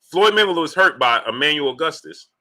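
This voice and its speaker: A man's voice: on the high side, quick pace. A man hosting a live-streamed sports talk show, arguing his points with emphatic repetition and greeting chat viewers by name. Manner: animated, rhetorical, repeats points emphatically.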